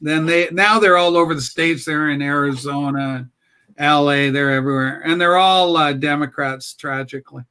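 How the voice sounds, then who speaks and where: Man, wry asides, casual group chat, bright forceful tone, slightly high. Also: steady tone, moderate pace, smooth.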